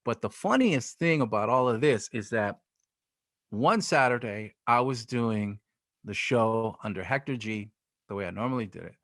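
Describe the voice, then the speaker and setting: A man's voice: medium pitch, normal speed, no echo, clean studio sound. A man, a DJ guest, telling a story in a casual interview and acting out the lines of the people in it. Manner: animated, acts out quoted dialogue.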